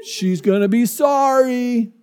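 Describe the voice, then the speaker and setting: A laid-back young surfer dude who drawls and leans on "dude" in every phrase, as a man puts him on. His voice sits high and loose. The tone is casual and unbothered, a storybook slacker. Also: slow pace, dark tone, smooth. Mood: indignant. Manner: drawling, says "dude" constantly.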